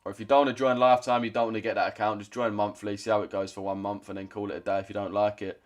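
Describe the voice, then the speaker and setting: A young man with a London accent talks casually to his livestream chat, blunt and full of slang. His voice sits a little low, and he swears freely as he answers viewers. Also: level tone, very fast. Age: 20s. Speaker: trading streamer.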